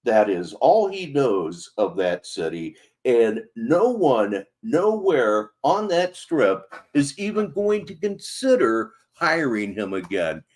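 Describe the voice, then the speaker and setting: Slow sarcastic commentary guy, voice all over the place pitch-wise. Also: big pitch swings, a little mellow. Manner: sardonic, drawn-out delivery. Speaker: commentary channel host. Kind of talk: mocking commentary.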